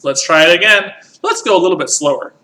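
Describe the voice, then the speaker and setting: A man's voice: sits high, quick pace, background noise. A man teaching a music lesson, patiently explaining rhythm and counting in. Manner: patient, counts in and sings along.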